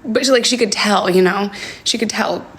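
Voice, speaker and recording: A young woman telling a personal story on a livestream from home, talking in a halting, hesitant way with many fillers and sometimes dropping to a near whisper. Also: mid-range voice, husky. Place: home, indoors. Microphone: phone livestream.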